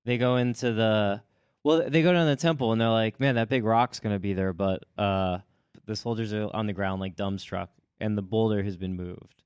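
A man casually retelling a story in a rambling, animated way, slipping into quick voiced asides. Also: lowish voice, clean tone, dry recording, clean studio sound.

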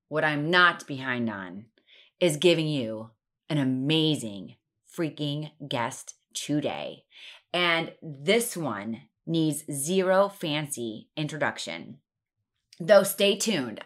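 A woman in her thirties hosting a podcast, chatting casually and acting out little quotes with sarcastic, swearing asides. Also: low-pitched. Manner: chatty, animated storytelling with acted-out quotes. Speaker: podcast host. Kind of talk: casual chat.

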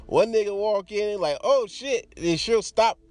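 A man's voice: high-pitched, normal speed, a little mellow, no echo, soft background music. A man telling a crude personal story in casual chat, laughing often and restarting his sentences as he rambles. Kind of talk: casual anecdote monologue.

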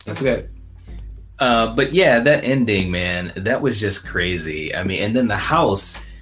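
A man's voice: lowish voice, expressive, measured pace, a bit bright, faint music behind. A man co-hosting a casual movie review podcast, enthusiastic, tagging his sentences with "man". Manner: enthusiastic, says "man" a lot. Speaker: podcast co-host.

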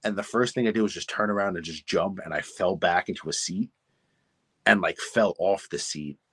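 Husky-voiced man telling animated stories. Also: low voice, normal speed, dry recording. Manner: self-deprecating storyteller, animated retellings. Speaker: podcast guest, wrestler. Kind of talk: casual interview chat.

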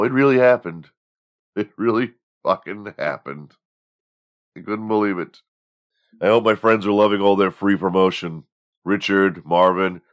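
A man's voice: low voice, fairly bright tone. A man in his forties hosting a show, telling stories in a casual, profane, rambling monologue with frequent laughter. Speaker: podcast host.

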